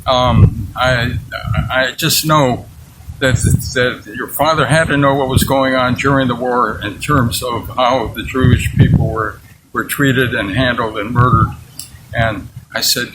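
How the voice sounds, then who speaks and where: A man's voice: mid-range voice, slow. Man, eighties, interviewee, earnest storytelling, recalled dialogue, audible background noise. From United States. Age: 80s. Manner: earnest, candid, quotes dialogue from memory. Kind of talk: personal storytelling.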